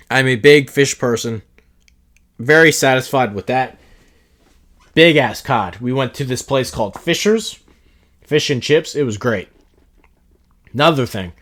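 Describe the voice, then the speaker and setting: A man's voice: medium pitch, a bit bright. A man hosting a solo podcast, ranting bluntly and with profanity in an exasperated, offhand way. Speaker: podcast host.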